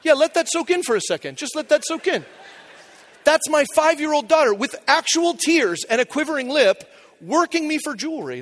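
Pastor, male, high voice, loose conversational sermon, funny storyteller. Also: fairly bright tone. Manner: informal, storytelling with humor.

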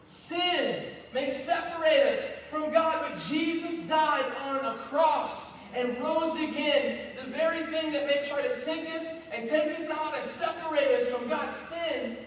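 A high-voiced male pastor delivering a fervent, repetitive sermon full of rallying calls. He sounds distant and boomy, as if recorded from far back in a large reverberant hall. Soft music plays behind him. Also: a little slow, hardly any pauses. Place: church sanctuary.

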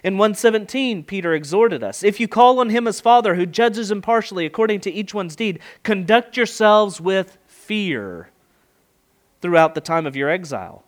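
High-voiced man preaching with emphatic swings. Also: animated, normal speed. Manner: emphatic, rising and falling delivery with rhetorical questions. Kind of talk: expository sermon.

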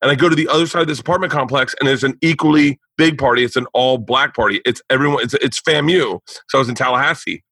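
A man, a comedian, telling a profane story in casual podcast talk, animated and laughing. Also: medium pitch, fast talker, creaky, hardly any pauses, breathy edge, no room sound, low-quality recording.

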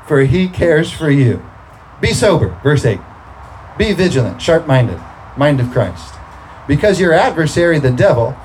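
A man's voice: a little high, darkish tone, slight background noise, poor audio. A man preaching a sermon, talking through scripture in a conversational way and breaking into emphatic bursts.

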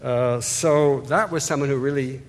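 A man's voice: medium pitch, moderate pace. Man lecturing in a reverberant hall. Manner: discursive, restarts phrases, points at slides. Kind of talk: art history lecture.

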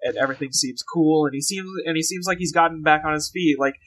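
A man's voice: on the high side, fast, fairly bright tone. A man co-hosting a podcast, rambling and joking through a casual comedic recap with many fillers. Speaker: podcast co-host.

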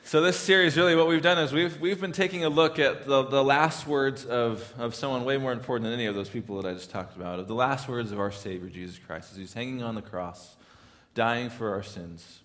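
A pastor preaching a sermon in a church, talking in a conversational way, often repeating words and rising into loud, pleading questions. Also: male voice, medium pitch, steady tone, a little fast, big-room sound.

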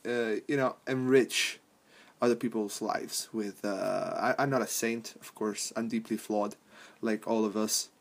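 A man's voice: fairly low pitch, fairly even intonation, measured pace, creaky. A young adult man hosting a podcast, rambling casually and swearing, laughing often between thoughts. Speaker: podcast host.

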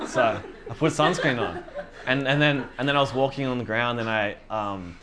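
Speaking at a normal speed in a mid-range voice, this young man preaches as if telling a relaxed story, poking fun at himself, using lots of fillers and quoting his own asides. The background is noisy.

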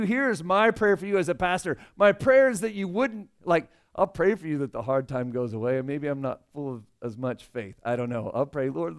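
A young male pastor preaching a sermon in an earnest, conversational way, rising loud on emotional points. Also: a little high, smooth.

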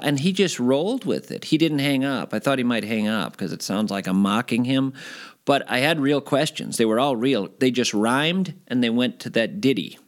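A former radio host telling stories in a casual interview, animated and rambling, sometimes self-deprecating. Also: male voice, mid-range voice, normal speed.

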